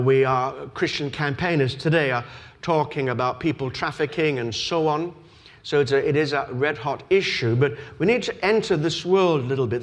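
A middle-aged man raised in Australia, preaching a sermon with storytelling that builds to emphatic preaching. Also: a little high. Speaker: pastor.

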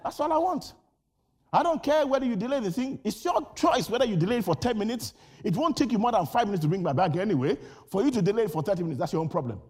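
Animated preaching man, high and lively. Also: fast talker, slightly rough. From Nigeria. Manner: shouts and repeats phrases with rising intensity; tells personal stories in a lively, animated way. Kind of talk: sermon.

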